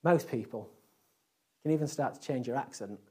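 A man in his thirties with a Yorkshire accent, preaching a sermon in a chatty, rambling way with fillers, growing louder on key points. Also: medium pitch, moderate pace, breathy edge. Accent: Yorkshire English. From Yorkshire, England.

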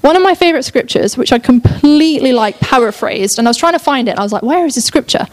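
A young woman gives a sermon in a high, expressive voice, speaking fast. Enthusiastic and conversational, she keeps breaking off her sentences and restarting them.

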